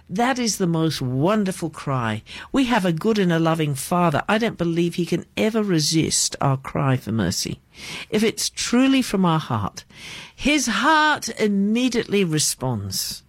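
Woman, devotional host, pastoral and gentle, very expressive pitch, dry close sound. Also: measured pace, dry recording. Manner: gentle, pastoral, addresses listener as beloved. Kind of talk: short devotional talk.

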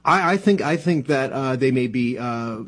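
A New Jersey political commentator gives a casual radio interview in an expressive, slightly bright voice of medium pitch. His speech is halting, full of fillers and restarts.

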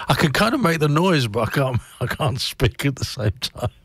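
A man's voice: medium pitch, a bit bright, slightly rough, dry recording. A man hosting a radio breakfast show, chatting casually and rambling in a self-deprecating way. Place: radio studio. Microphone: close studio mic.

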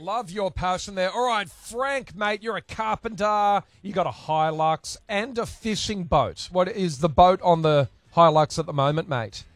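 High-voiced upbeat radio host man. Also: measured pace, few pauses, slight background noise. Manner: upbeat, joking. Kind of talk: casual radio banter. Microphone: studio microphone.

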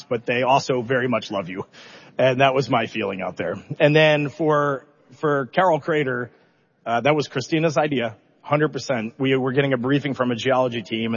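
A middle-aged man, a mission commander, telling an animated, self-deprecating story at a press conference. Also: medium pitch, breathy edge. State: emotional, holding back tears. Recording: dull recording in a reverberant hall.

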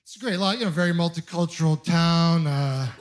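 A young stand-up comedian from Ontario, Canada, performs a set on a comedy club stage to a laughing audience. His voice is high and he talks a little fast, telling animated, playful, self-mocking stories.

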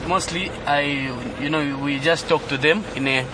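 A man with a slightly high voice coaxes elephants along in a soft, patient tone. He is recorded outdoors from inside a vehicle at night, and engine and street noise come through clearly behind him. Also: normal speed. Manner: coaxing, soft repeated urging. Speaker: elephant guide on night patrol. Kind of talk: on-location field talk.

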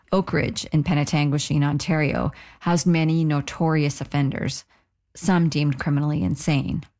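A woman hosting a radio documentary, reading scripted narration in a measured, explanatory way. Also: sits low, a little mellow.

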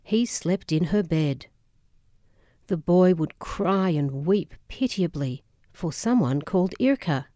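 A woman narrating a memoir audiobook in a measured, solemn way. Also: lowish voice, animated, mellow, no echo, studio quality.

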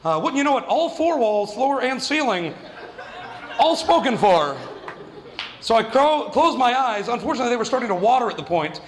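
Stand-up man, high voice, profane self-mocking storyteller, reverberant hall. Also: big pitch swings, normal speed, slight background noise. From New Mexico. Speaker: stand-up comedian.

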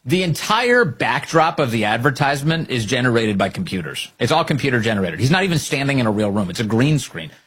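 A man's voice: mid-range voice, very animated, a little fast, hardly any pauses, a bit bright, husky. A middle-aged man hosting opinionated political commentary, sarcastic and mocking, laughing often.

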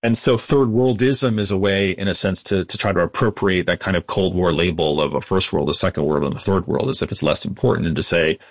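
Man, deep voice, interview answers, explanatory, dry mic. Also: no room sound. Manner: measured, explanatory, with frequent restarts. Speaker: guest historian.

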